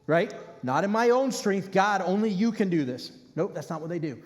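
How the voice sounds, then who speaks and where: A man, a rabbi, preaching a casual, conversational sermon with animated bursts to his congregation. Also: high-pitched, normal speed. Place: congregation hall. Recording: reverberant hall.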